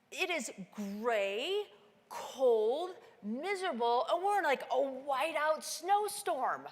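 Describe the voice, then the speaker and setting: A woman giving a motivational keynote talk, telling a climbing story and acting out the dialogue with sudden bursts of high excitement. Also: slow, big-room sound. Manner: animated, acts out dialogue with sudden high-pitched exclamations. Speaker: keynote speaker. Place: conference stage in a large hall.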